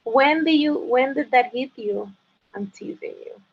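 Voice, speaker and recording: A woman guest in a casual chat who talks in halting bursts with many restarts and likes to tease. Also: high-pitched, gravelly, husky. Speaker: interview guest. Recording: dull lo-fi sound.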